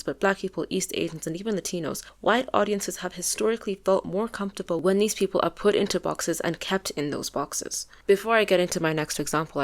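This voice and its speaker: A young woman giving opinionated casual commentary as a video essayist, with lots of fillers. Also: fairly low pitch. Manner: opinionated, filler-heavy, conversational.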